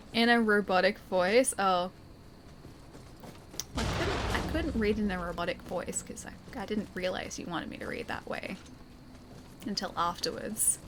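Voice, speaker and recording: A woman with a medium-pitched voice streams a game live, chatting playfully with viewers and tossing out jokey asides as she plays. Background noise can be heard.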